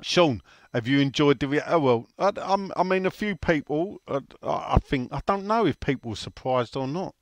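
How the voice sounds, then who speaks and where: A man's voice: fairly high pitch, animated, normal speed, no room sound. A man co-hosting a casual football chat, teasing and answering listener questions. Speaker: podcast co-host.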